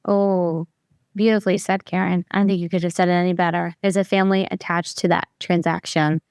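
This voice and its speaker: A woman's voice: lowish voice, flat delivery, fairly quick, a little mellow, smooth, dry recording, studio quality. A woman in her thirties from New Jersey, hosting a podcast interview in a friendly, curious way. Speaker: podcast host.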